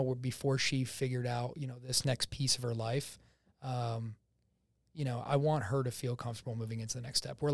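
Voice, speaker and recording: A man's voice: mid-range voice, gravelly, no echo. A man, a podcast guest chatting casually and confidently, laughing often. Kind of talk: casual chat. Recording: dry close studio sound.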